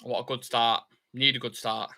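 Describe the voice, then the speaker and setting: Medium in pitch and normal in speed, a young man's voice carries a casual live football watchalong for his fan channel. He reads viewer comments out loud and cheers on his team in excited bursts.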